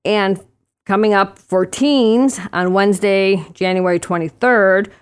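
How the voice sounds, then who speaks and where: A woman's voice: medium pitch, fairly even intonation, unhurried, clean tone. A woman on library staff, chatting casually on a podcast as she lists upcoming events in a matter-of-fact way. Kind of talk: casual chat announcing events.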